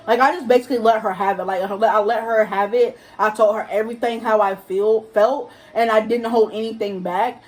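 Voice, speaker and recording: A young woman telling a casual storytime vlog to camera at home, acting out the quotes of the people in her story in a higher voice. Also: quick pace, few pauses, poor audio. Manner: animated, acts out quotes in a higher voice. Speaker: vlogger.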